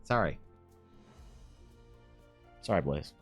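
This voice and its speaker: A man's voice: a bass voice, very slow, over music. A young man, streaming and chatting casually with his viewers, rambling and swearing freely. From Canada. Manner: rambling, animated, swears freely, lots of fillers.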